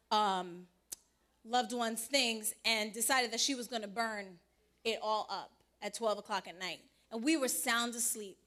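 A woman giving a personal testimony at church, telling her story in an animated way and voicing the people she quotes. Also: a little high. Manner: animated storytelling, quoting others in lively voices.

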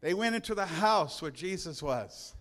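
A male pastor preaching a sermon in church, retelling Bible passages with emphatic, drawn-out stresses and touches of humor. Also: high-pitched, animated, fairly bright tone.

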